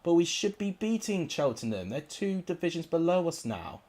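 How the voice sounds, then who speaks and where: A man's voice: a little high, sing-song, normal speed, darkish tone. Exasperated man commentating his game. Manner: frustrated, exclamatory, swears at players. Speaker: gaming YouTuber. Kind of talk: live gameplay commentary.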